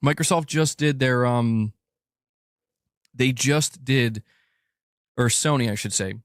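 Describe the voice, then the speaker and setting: A man's voice: mid-range voice, takes it slowly, no echo, clean studio sound. A man on a gaming podcast, exasperated and dismissive as he gives his opinion. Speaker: gaming podcaster in a played clip.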